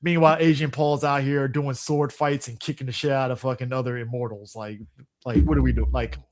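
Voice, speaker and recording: A man of middle pitch co-hosting a podcast, blunt and profane, quick to laugh and to cut in. His voice is recorded dry and close, with no echo. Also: fairly even intonation, a little mellow. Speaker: podcast co-host. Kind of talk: casual chat.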